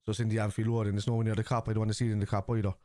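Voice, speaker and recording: Hosting a live football watchalong, a man reacts to viewers in stream chat, answering them bluntly and swearing plenty. His lowish, darkish voice is very fast with little pitch movement, in a dry recording.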